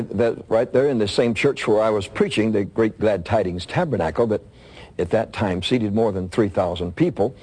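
A man preaching, telling a story in a sermon, with his voice rising high when he quotes people. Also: husky. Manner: animated storytelling, voice climbing high for quoted lines.

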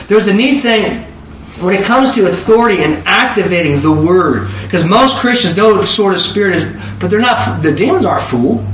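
Preaching a sermon, a man in his forties speaks in a fairly high, animated, conversational voice, regularly putting questions to his audience. He's recorded from a distance in an echoing room, with faint ambience and a little hiss or hum.

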